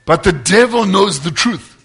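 A man preaching a sermon, fervent and building to loud exhortation. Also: sits high, expressive, unhurried, breathy edge.

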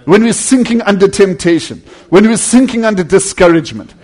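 A male preacher giving a sermon, swinging between loud emphatic passages and hushed near-whispers, earnestly calling his listeners friends. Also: high voice, lively intonation, a little fast.

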